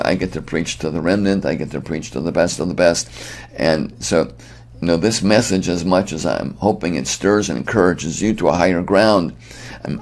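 A middle-aged man with a very low voice delivers an earnest sermon. He presses his points with emphasis and often restarts phrases mid-thought. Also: a little mellow. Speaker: preacher.

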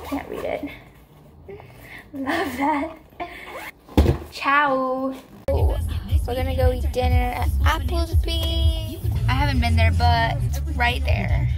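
A teenage girl chatting casually and upbeat as she vlogs on a handheld phone, giggling now and then. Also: sits high. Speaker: vlogger. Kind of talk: casual vlog chat.

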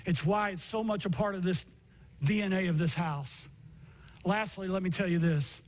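A male pastor preaching a sermon, telling stories from his youth and building to emphatic, shouted passages. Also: sits high, normal speed. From Miami area, United States.

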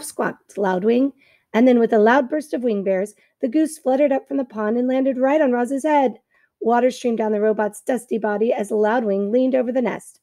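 A woman teacher reading a novel aloud to her class in clear storytelling narration. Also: on the high side, moderate pace, warm tone, dry recording.

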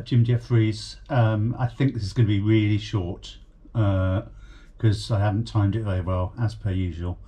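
A man hosting his own YouTube reaction channel, chatting casually and hesitantly with many ums and uhs. He speaks slowly, and his low voice is dark and mellow. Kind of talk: casual vlog chat.

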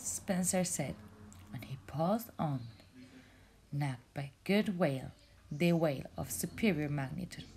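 A woman reading a children's story aloud, often in a soft whisper, stopping to ask the child questions. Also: sits low, husky. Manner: slow, often whispered narration with asides to a child.

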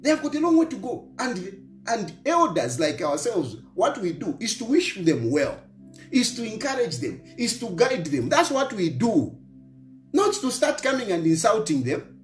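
A man's voice: high voice, sing-song, normal speed. A middle-aged man from Zambia with a Zambian accent, lecturing an opponent in a scolding monologue and repeating his points. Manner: lecturing, repeats phrases, mixes local words into English. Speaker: opposition politician. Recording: roomy echo with faint music.

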